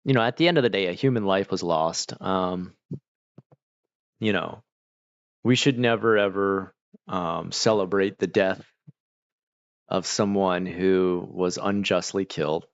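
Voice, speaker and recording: A man's voice: low-pitched, unhurried, vocal fry, long pauses, dry recording. A man chatting casually on a livestream, answering chat in a rambling, hesitant way with many fillers and restarts. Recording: dull lo-fi dry mic.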